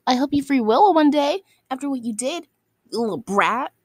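Woman, high voice, angry rant, scolding and insulting, repetitive phrasing, dry close sound. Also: lively intonation, moderate pace, dry recording. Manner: scolding, insulting, repeats itself. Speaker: video maker.

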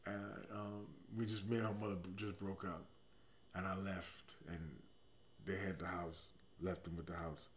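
A man hosting a podcast and telling a personal story in a casual, comic way. He swings from low, mumbled asides to loud outbursts. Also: little pitch movement, a little slow, a little hiss or hum. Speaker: podcast host.

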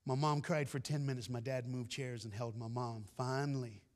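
A man giving a storytelling sermon as a guest speaker, animated and folksy, talking straight to the crowd. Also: mid-range voice, normal speed. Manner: animated, addresses the crowd directly, folksy talk. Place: large church hall. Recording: long hall reverb.

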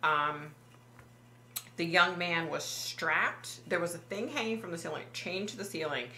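A woman psychic vlogger retelling a dream in a halting, emotional way, full of fillers and restarts. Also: lowish voice, pushed and bright, roomy sound, a little hiss or hum. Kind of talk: personal vlog storytelling.

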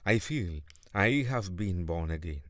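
Storybook monkey, cheerful and quick-witted, voiced by a man, lively lilt. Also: sits low, no room sound, clean studio sound. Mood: friendly, alarmed.

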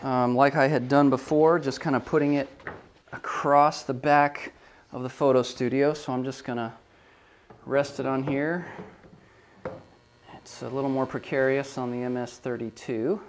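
A man's voice: medium pitch, moderate pace, a little hiss or hum. A man giving a hands-on product photography tutorial, talking through each step casually and correcting himself as he goes. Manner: relaxed, thinking aloud with frequent ums and self-corrections.

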